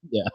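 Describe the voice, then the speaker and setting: A man hosting a podcast, telling a story in casual, swearing chat and laughing often. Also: dry recording. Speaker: podcast host.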